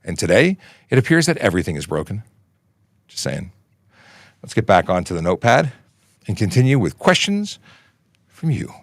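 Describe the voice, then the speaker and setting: A man's voice: on the low side, sing-song, normal speed, vocal fry, pauses often, no echo, studio quality. A man in his forties, from Canada, hosting a casual police Q&A livestream in a chatty, upbeat way with rambling asides. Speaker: livestream host, police constable.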